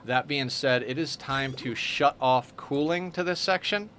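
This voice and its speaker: A man's voice: medium pitch, unhurried. A man streaming a game live, chatting casually and explaining each step of his plan as he goes. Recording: steady background noise.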